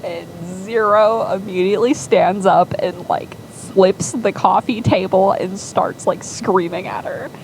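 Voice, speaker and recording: A woman's voice: medium pitch, fairly even intonation, measured pace, gravelly, few pauses, a little hiss or hum, rough recording. A woman casually telling a made-up story in a rambling way, with lots of fillers.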